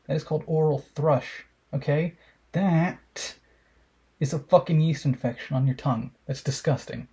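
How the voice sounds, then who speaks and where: A man's voice: medium pitch, a little slow, dark tone, husky. A young man giving casual, profane commentary while reacting to memes, mocking and sarcastic.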